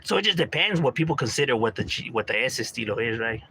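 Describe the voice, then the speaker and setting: A man's voice: medium pitch, big pitch swings, fast talker, bright, forceful tone, slight background noise, rough recording. A man talking casually in a monologue, full of street slang and "you know, bro," acting out quotes from friends. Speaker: commentator talking about gang culture.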